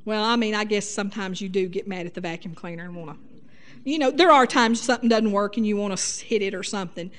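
A middle-aged woman preaching a sermon in a lively, folksy way, sprinkling her talk with hallelujahs. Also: mid-range voice, fast talker.

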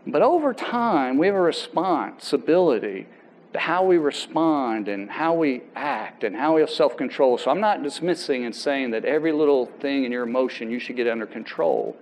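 A man, a pastor, giving a sermon and telling a personal story in a conversational way, with halting restarts and voices for people he quotes. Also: mid-range voice, expressive, poor audio.

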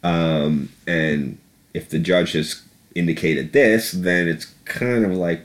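Low-voiced, sweary podcast host. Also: male voice, slow pace. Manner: profane, heated, sarcastic. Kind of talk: casual political rant.

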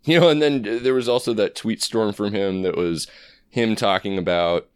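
Low-voiced laughing podcast host. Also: male voice, normal speed, smooth, no echo. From Iowa. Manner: laughing often, loose and joking. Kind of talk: casual political chat.

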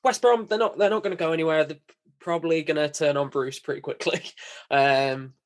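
Relaxed guy, higher-pitched voice, casual podcast banter. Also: a little fast. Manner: laid-back, laughing, says "mate". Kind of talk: casual football podcast chat.

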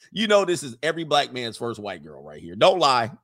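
A man, riffing in casual comedic commentary with animated, laughing, slangy storytelling. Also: medium pitch, fairly quick. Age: 40s.

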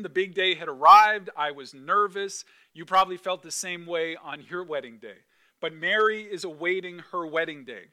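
A male pastor preaching a conversational sermon, animated and emphatic, with repeated phrases. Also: a little high.

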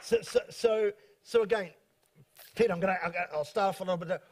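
A man pastor hosting a church talk from the stage, speaking quickly and excitably with many stumbling restarts. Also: sits high, slight background noise. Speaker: pastor and host. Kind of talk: church talk introducing guests.

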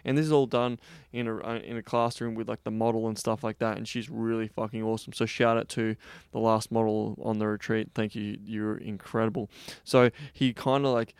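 A man in a casual podcast monologue with a gravelly yet smooth voice that stays flat in pitch. He talks bluntly and profanely and rambles through restarts. The sound is dry and close. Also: fairly quick, no echo. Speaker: podcast host and sex coach.

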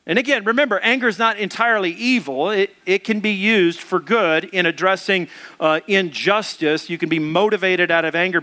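Animated high-voiced male pastor. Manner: animated, acts out voices of the people in the story. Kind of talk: sermon.

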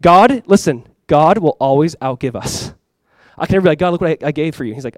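A man's voice: fairly high pitch, expressive, fast, no room sound. A man preaching a sermon as pastor, conversational and emphatic, talking to the congregation and inviting them to respond. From California.

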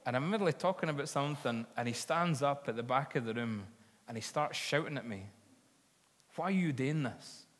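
A man's voice: mid-range voice, quick pace, hardly any pauses, a bit bright. A man preaching a sermon, telling stories earnestly and building to fervent appeals. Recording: long hall reverb.

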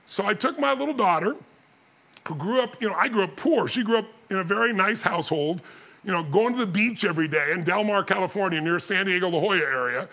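A man's voice: high-pitched, expressive, fast talker, sharp tone. A middle-aged man telling a story to an audience as a motivational speaker, acting out the dialogue and laughing often.

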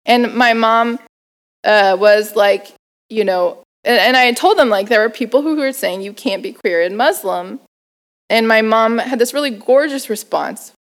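A woman's voice: on the high side, measured pace. Chatty laughing woman telling a story. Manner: animated, laughing, many fillers; acts out family members' voices. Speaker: guest performer. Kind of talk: storytelling in an interview.

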